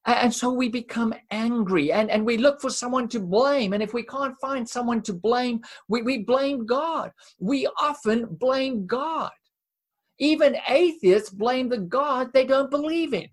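A woman preaching a sermon in an earnest, emphatic way, with dramatic pauses and repeated words. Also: fairly high pitch.

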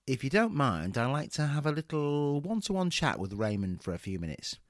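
A man playing a male counsellor who switches from a soft, patient manner to booming revival-preacher exorcism in a comedy sketch. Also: very animated, fairly quick, no echo, studio quality. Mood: calm, patient.

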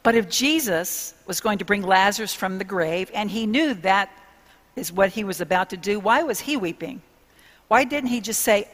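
A woman preaching a sermon, speaking to her listeners in an earnest, intimate way with hushed pauses. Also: medium pitch, animated, long reverb tail.

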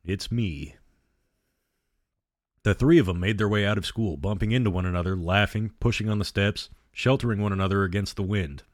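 Low-voiced man reading a story. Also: fast, few pauses, dry recording, studio quality. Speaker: narrator.

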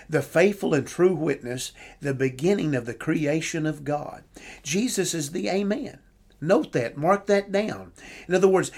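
Man preaching a slow, emphatic sermon. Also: fairly high pitch, a little mellow. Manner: slow emphatic preaching, reads scripture aloud, repeats phrases.

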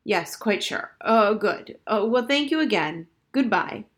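A woman reading aloud, voicing a fussy, flustered father on the phone, halting and polite. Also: mid-range voice, animated, close to an everyday voice.

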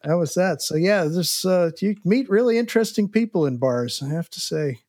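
A man's voice: sits high, lively intonation, moderate pace, darkish tone, dry recording, clean studio sound. A man in his sixties, a podcast guest and sound engineer, telling a rambling story with chuckles and restarts. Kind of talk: casual anecdote telling.

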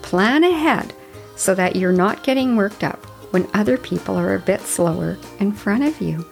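A woman in her late fifties speaks in a middle-pitched voice, talking casually and earnestly as she shares a personal story. She lands on gentle advice, and soft music plays faintly behind her. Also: moderate pace, gravelly. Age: 50s. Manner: chatty, earnest, gently advising. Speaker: podcast host. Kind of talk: reflective solo storytelling.

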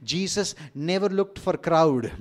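A man's voice: on the high side, lively intonation, measured pace. A middle-aged man with an Indian accent, preaching a sermon with rising emphasis and light humorous asides. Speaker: pastor.

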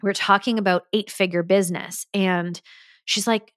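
A woman's voice: medium pitch, steady tone, moderate pace, a bit bright, dry recording, clean studio sound. A woman hosting a solo podcast as a business mentor, talking in an earnest, emphatic way. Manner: earnest, emphatic, acts out quoted dialogue.

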